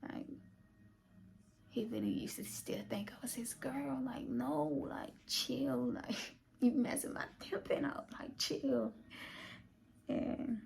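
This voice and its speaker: A woman's voice: on the high side, slow pace, vocal fry, darkish tone. A young woman vlogger telling a personal story in a chatty way, full of fillers and often dropping to a half-whisper. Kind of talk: casual storytime vlog.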